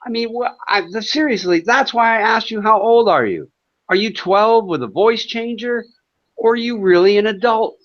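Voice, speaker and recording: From home in Thailand, a livestream host with a high, slightly bright voice at normal speed rants sarcastically at trolls in his chat, taunting them and swearing. The audio has a dull, lo-fi stream quality.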